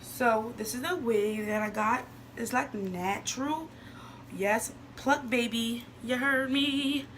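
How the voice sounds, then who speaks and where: A young woman chatting excitedly to her viewers in a casual beauty vlog, calling them y'all. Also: a little high, takes it slowly, slight background noise. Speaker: beauty vlogger. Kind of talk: casual wig unboxing vlog.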